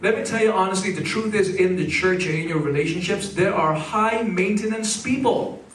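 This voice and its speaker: A middle-aged man preaching a sermon as pastor, animated and leading the congregation in call-and-response. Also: high voice, normal speed, roomy sound, distant mic, a little hiss or hum, rough recording. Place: church sanctuary.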